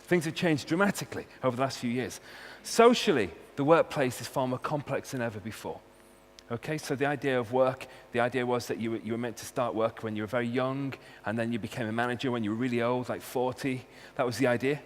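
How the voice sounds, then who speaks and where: A man's voice: medium pitch, quick pace. A man with a Welsh accent, a university researcher giving a humorous talk and hitting key words with punchy emphasis. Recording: long hall reverb, faint hum.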